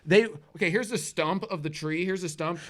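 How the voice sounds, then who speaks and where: A man's voice: high-pitched, moderate pace, a bit bright. A man hosting a live internet show, telling a rambling, profane, self-mocking story. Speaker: host.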